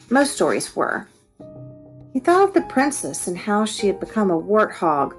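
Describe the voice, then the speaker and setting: A woman reading a children's book aloud with expressive storytelling. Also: mid-range voice, moderate pace, soft background music, poor audio. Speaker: reader.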